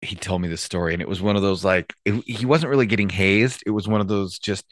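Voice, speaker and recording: A man hosting a casual chat, telling work stories with a joking, animated manner. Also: fairly low pitch, quick pace, no room sound, studio quality. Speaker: podcast host, police officer.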